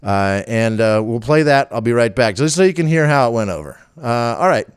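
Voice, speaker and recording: A man's voice: mid-range voice, animated, brisk, clean tone, dry recording, studio quality. An older man with a rural Virginia country accent, hosting a podcast in a rambling, casual chat with many fillers. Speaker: podcast host.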